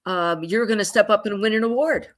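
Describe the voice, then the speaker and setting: A woman psychotherapist explaining moods in a relaxed conversation, acting out her clients' thoughts with sighs and quick asides over a video call. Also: mid-range voice. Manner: animated, acts out clients' inner voices with sighs. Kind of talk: conversational explanation with acted-out examples.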